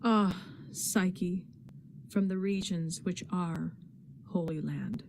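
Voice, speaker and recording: A woman reading poetry aloud in a dramatic, expressive recitation. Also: on the low side, takes it slowly, creaky, a little hiss or hum. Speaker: poetry reader in a readathon.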